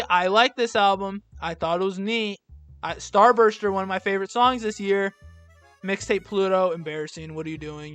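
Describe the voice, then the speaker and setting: A young video creator ranks albums in a casual rant, blunt and sarcastic, rambling with plenty of fillers. His high voice sounds pushed and bright.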